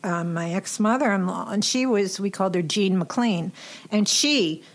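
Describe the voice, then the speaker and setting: A woman's voice: medium pitch, normal speed. A woman hosting a casual interview, chatty and effusive, laughing often. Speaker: host.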